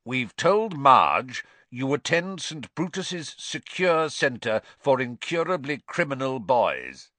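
A man reading aloud and voicing a loud, snarling, bullying middle-aged uncle. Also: mid-range voice, very animated, slow pace, few pauses, dry recording, pitched above the performer's own voice, exaggerated voice. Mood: blustering.

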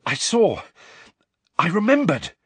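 An agitated teenage boy, as a man plays him, blurting his words out tensely and short of breath. His voice jumps high and swings widely. The recording is dry and close. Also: very animated, slow, a bit bright, husky, no room sound, heavily acted. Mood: breathless. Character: angry, defiant teenage boy.

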